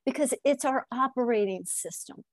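A middle-aged woman from Connecticut, a hypnotist guest on a podcast interview, telling animated stories, laughing often and repeating phrases for emphasis. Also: on the high side, normal speed, no echo.

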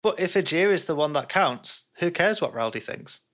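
A tabletop game player who keeps pressing with questions. The voice sits at an ordinary middle pitch, and the manner is persistent and reasoning. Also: animated, normal speed, fairly bright tone.

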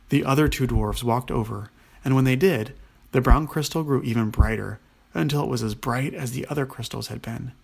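A man narrating a children's bedtime story in a gentle, steady manner. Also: medium pitch, creaky, breathy edge. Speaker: storyteller, father.

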